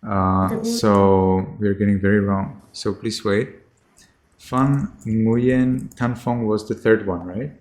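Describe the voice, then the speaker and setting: A man's voice: on the low side, fairly even intonation, takes it slowly, a little mellow, slight background noise. A man teaching a children's class over a video call, patiently repeating his questions.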